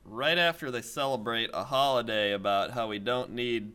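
A young man in casual comedic chat, trading dry, deadpan quips. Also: medium pitch, moderate pace, clear, resonant tone. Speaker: co-host.

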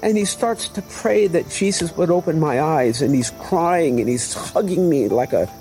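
Earnest older man, mellow voice. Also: fairly high pitch, animated, moderate pace, faint music behind, poor audio. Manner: earnest, emotional storytelling. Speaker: testimony speaker. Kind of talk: personal faith testimony.

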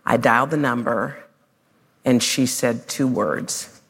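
A woman's voice: a bass voice, slow, slightly rough. Heartfelt woman host, hall echo. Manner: warm storytelling, emphatic and heartfelt. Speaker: TV host interviewing. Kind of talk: conversational interview on stage. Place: stage before a live audience.

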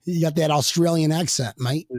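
Gravelly excitable man talking sports. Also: fairly high pitch, normal speed, no room sound, clean studio sound. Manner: excitable, laughing, rambling with restarts. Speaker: podcast host. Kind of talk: casual sports chat.

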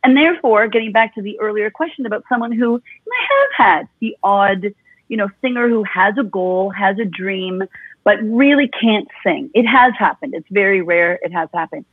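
Husky woman coach on a tinny line. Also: mid-range voice, expressive, moderate pace, dry recording. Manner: emphatic, repeats points for stress. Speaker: vocal coach guest. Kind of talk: podcast interview talk.

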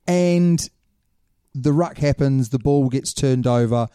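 A man's voice: medium pitch, slow pace, clean tone, no room sound, studio quality. A man hosting a rugby talk show in casual, opinionated chat, calling his co-host mate. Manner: animated, opinionated, says "mate".

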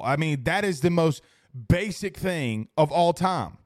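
A man hosts a casual sports talk stream from a studio, reading chat aloud. His voice sits fairly high and he rambles emphatically, hammering phrases again and again. The sound is dry and close, with no room echo. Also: animated, measured pace. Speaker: host reading live chat.

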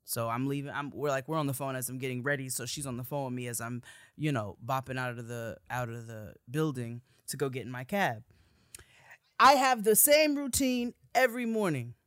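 A woman telling a story in casual chat, animated and profane, acting out heated quotes. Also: very deep voice, a little fast, no echo, studio quality. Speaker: podcast host telling a story.

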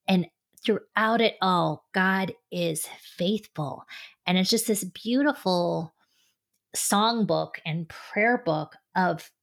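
Earnest woman with a gravelly low voice. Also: fairly bright tone. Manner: earnest, conversational, frequent "like" and "right?". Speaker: author and speaker. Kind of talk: personal faith testimony.

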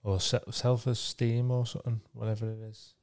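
A man's voice: mid-range voice, level tone, brisk, darkish tone. A man co-hosting a podcast, a comedian in casual chat, self-deprecating and rambling with lots of fillers.

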